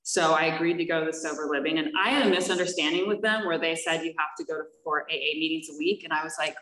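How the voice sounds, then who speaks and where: A woman's voice: sits low, a bit bright, distant mic. Woman giving candid testimony in an echoey room. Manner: candid, halting, many fillers, wry laughs. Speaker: speaker sharing her recovery story. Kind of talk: personal testimony.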